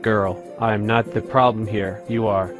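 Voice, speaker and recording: A man's voice: lowish voice, little pitch movement, measured pace, music in the background, natural voice. A man playing a rude blaming boyfriend. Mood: insulting. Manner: insulting, whiny blame-shifting. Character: rude, blaming adult male partner.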